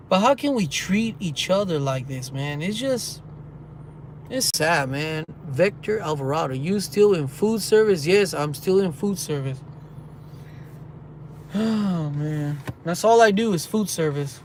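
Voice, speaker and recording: A man with a high voice rants heatedly while he walks outdoors at night. He speaks into a phone and reads viewer comments aloud as he goes. Faint traffic hum sits underneath. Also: darkish tone. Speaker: vlogger. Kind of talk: rambling walking vlog.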